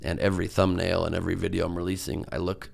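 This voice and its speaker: A man's voice: deep voice, completely flat delivery, fast talker, creaky. A man, a comedian guest on a podcast, telling stories in a rambling, self-mocking way with lots of fillers. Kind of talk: casual podcast storytelling.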